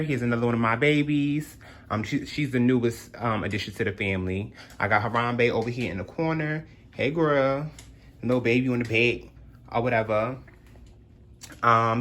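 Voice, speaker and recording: A man's voice: medium pitch, a bit bright. Sassy chatty young man. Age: young adult. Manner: sassy and chatty, drawling slang asides. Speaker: vlogger giving a home tour. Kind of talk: casual home tour chat. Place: small apartment indoors.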